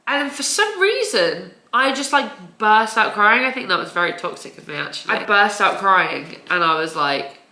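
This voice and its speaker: A woman's voice: medium pitch, sing-song, normal speed, hardly any pauses, sharp tone. A young woman talking to her camera at home in a rambling, confessional vlog, laughing nervously and swearing now and then. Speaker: vlogger. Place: home, indoors. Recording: echoey room.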